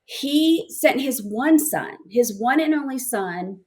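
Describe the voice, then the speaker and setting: A middle-aged woman with a slightly high voice speaks as a guest in an interview, sharing a heartfelt personal testimony. She talks emotionally and haltingly, often repeating words as she searches for what to say next. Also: expressive, a little mellow.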